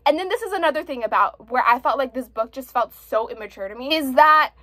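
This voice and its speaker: High-pitched exasperated young woman reviewer. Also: fast talker, no room sound. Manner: animated, exasperated ranting with frequent swearing. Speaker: book reviewer. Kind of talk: casual book review vlog.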